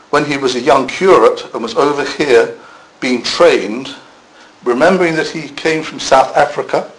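A man's voice: medium pitch, a little hiss or hum, poor audio. A man preaching a sermon in a church, conversational, with self-deprecating asides.

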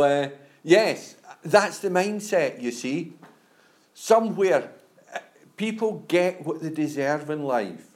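A man preaching in a chatty, unhurried way, often tossing in "you know" and stumbling on restarts. His voice sits a little high. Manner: conversational, repeats "you know", stammers on restarts. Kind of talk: sermon.

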